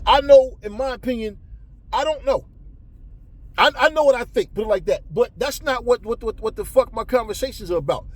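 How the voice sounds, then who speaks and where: A man's voice: very high-pitched, darkish tone. A man delivering a heated, profane rant about boxing to his viewers, often stumbling and repeating words. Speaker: boxing commentator. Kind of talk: ranting monologue to viewers.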